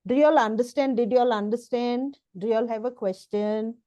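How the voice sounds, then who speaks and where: A woman's voice: a little high, steady tone, brisk, mellow, no echo, dull audio. A woman teaching children about the Bible, coaxing them along, repeating phrases and often checking that they are listening.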